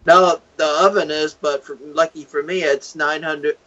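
A man's voice: on the high side, steady tone, moderate pace, pushed and bright, highs cut off. A man co-hosting a podcast in an upbeat, joking way. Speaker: podcast co-host. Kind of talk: casual podcast chat.

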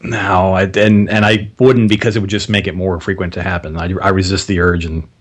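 Low-voiced male podcast guest with a wry, dry delivery. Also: flat delivery, brisk. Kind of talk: casual chat.

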